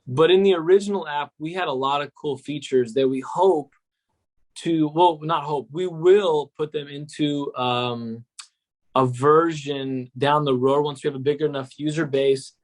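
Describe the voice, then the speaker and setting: A man's voice: on the high side, unhurried. A man, an app co-founder, chatting enthusiastically and loosely on a podcast, full of "like" and "cool". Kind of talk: casual podcast chat.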